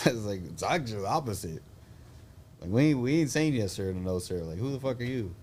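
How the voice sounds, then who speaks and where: A man's voice: fairly low pitch, expressive, fairly quick, darkish tone, a little hiss or hum. A young man, an Army veteran hosting a casual chat, telling blunt, profane stories with a laugh. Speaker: podcast host, Army veteran.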